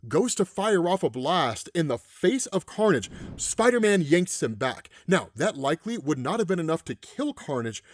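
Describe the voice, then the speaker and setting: A man hosting a comic book recap in casual narration, chatty and animated, often checking in with the listener with a tag question. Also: a little high, normal speed, few pauses, a little hiss or hum.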